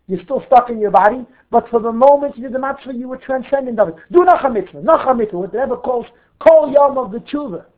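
A man teaching a Torah class, reading Hebrew text and explaining it line by line with questions and answers. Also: very high-pitched. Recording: phone-like narrow audio.

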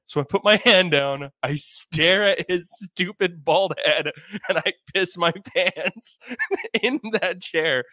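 A man's voice: sits high, unhurried, sharp tone, no room sound. A young man co-hosting a podcast, profane and giggly as he tells stories. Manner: giggly, profane, breaks into laughter. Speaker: podcast co-host. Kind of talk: casual chat, storytelling.

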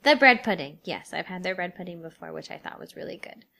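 A woman's voice: fairly low pitch, lively intonation, quick pace, gravelly, sharp tone. A woman chatting casually about a bakery's cookies and pastries, easygoing and agreeable. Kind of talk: casual food review chat.

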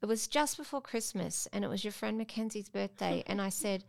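A woman's voice: medium pitch, a little fast, vocal fry. A middle-aged mother, telling family stories in a casual chat on a podcast. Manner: animated storytelling, acting out her daughter's voice. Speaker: guest mum.

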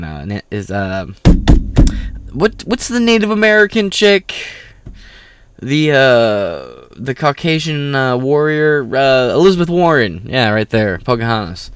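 Tired guy reading political news, sarcastic, cussing a lot, kinda low voice, dry mic. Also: dry recording. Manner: profane, rambling, sarcastic asides. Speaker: political commentary host. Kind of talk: casual political commentary, reading an article.

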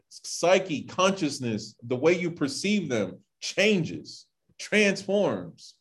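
A man teaching a relaxed Bible study, with a fairly high voice that rises and falls a lot. He is chatty and animated, and he drifts into asides and quick acted-out lines.

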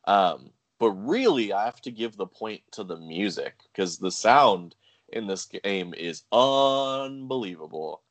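Brief: lower-pitched male co-host, dry close recording, rambling casual chat. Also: expressive, slow, no echo. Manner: rambling, full of "like" and "um". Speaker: podcast co-host. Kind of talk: casual game review chat.

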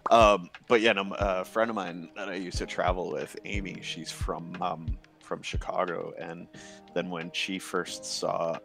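Low-pitched man, gravelly, laid-back chat, frequent swearing, faint music behind. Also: steady tone, measured pace, a bit bright. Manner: laid-back, swears often, laughs a lot. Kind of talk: casual chat.

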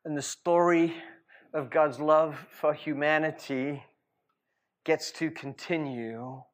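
A man preaching a sermon as a lively storyteller, with frequent laughs and rhetorical asides. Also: on the high side, takes it slowly. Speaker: pastor.

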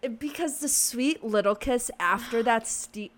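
A woman's voice: a little high, a little slow. A woman co-hosting a book podcast, reacting enthusiastically and summarizing chapters in casual chat. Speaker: podcast co-host.

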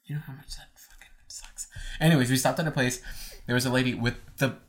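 A young woman co-hosting a casual podcast, telling jokey stories and reacting in an animated way. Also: rumbling low, fast talker. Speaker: podcast co-host. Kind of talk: casual chat reviewing a movie.

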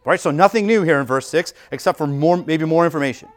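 A man preaching a sermon at church in a conversational, animated way, reading scripture and explaining it with everyday examples. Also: on the high side, quick pace. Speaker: pastor.

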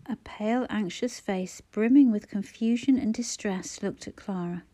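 A woman reading a novel aloud in measured, scripted narration. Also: medium pitch, mellow. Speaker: audiobook narrator.

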